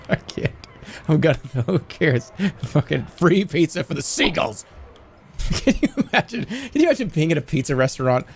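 Excitable male streamer with a bouncy voice. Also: a little high, unhurried, vocal fry, long pauses, slight background noise. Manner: excitable, yelps and swears, breaks into laughter. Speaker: live streamer. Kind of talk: casual live-stream chatter while gaming.

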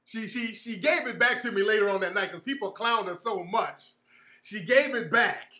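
A man's voice: sits high, moderate pace, bright, forceful tone, reverberant. A man hosting his own show, telling a story in a casual, profane, mocking way and often laughing at it. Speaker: podcast host.

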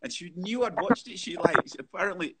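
Man, chat show host, raised pitch, animated, noisy video call audio. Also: fairly quick. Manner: excitable, chatty, matey banter.

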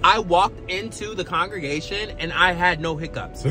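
A man talks casually from inside his parked car, his voice sitting a little on the high side. He is excitable and leans on slang, and he keeps hiccuping between restarts. Music plays behind him. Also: moderate pace. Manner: excitable slang-heavy talk with many restarts. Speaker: vlogger. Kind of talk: casual chat.

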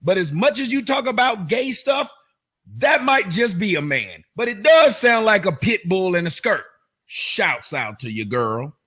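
A man's voice: high voice, very animated, measured pace, a bit bright, husky. A man hosting a commentary show, mocking the clips he plays in a sarcastic, sing-song teasing way. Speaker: commentary host.

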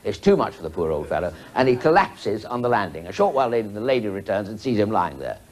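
A man's voice: on the low side, sing-song, fast talker. A man telling a rambling joke at a TV birthday show, interrupting himself with asides. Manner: rambling, self-interrupting storyteller.

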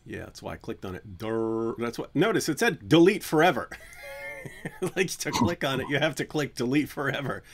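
A man hosting a casual live stream, chatting and joking, now and then breaking into silly high singing. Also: very animated, brisk, breathy edge. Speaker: channel host.

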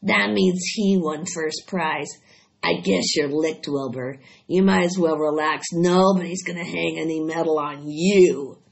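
Woman doing a husky, gluttonous rat. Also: low voice, steady tone. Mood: sneering. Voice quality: husky, hoarse. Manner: slow, gloating drawl. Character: greedy gluttonous male rat, bloated and sneering. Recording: dull lo-fi recording.

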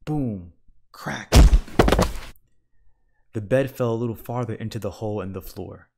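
A man with a somewhat low voice reads a children's story aloud. His delivery is gentle and measured, the careful pace of bedtime storytelling. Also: vocal fry, very noisy. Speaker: storyteller reading a children's book. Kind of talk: children's read-aloud narration.

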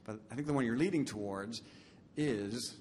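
Brief: an enthusiastic, self-deprecating songwriter chatting between songs, mid-pitched man, long hall reverb. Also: normal speed, over loud music. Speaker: composer and lyricist. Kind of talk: casual stage chat. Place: concert stage.

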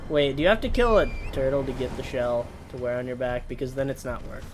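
A young man giving casual, rambling gameplay commentary, swearing and breaking into sudden loud yells. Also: medium pitch, animated, fast, noisy background. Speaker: gaming streamer.

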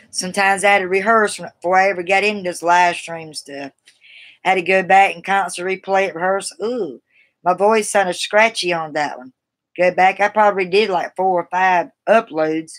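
A woman from the American South with a Southern accent, chatting casually and rambling to viewers on a live stream. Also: medium pitch. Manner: chatty, rambling, laughs easily.

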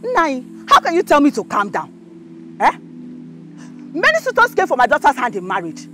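A woman's voice: high-pitched, huge pitch swings, normal speed, pushed and bright, soft background music, full character voice. A Nigerian woman playing an anxious, indignant parent of a wronged bride in a film drama. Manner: pleading, indignant.

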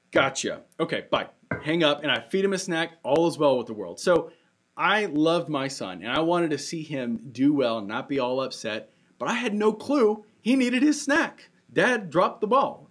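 Casual young male pastor preaching. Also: medium pitch. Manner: casual, conversational preaching with storytelling. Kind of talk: sermon.

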